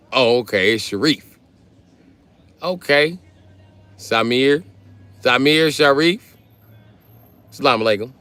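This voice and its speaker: A man's voice: medium pitch, slow pace, pauses often, fairly bright tone. A man chatting casually on a livestream, reading comments and trading crude, joking banter with his viewers. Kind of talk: casual live stream chat. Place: South Carolina.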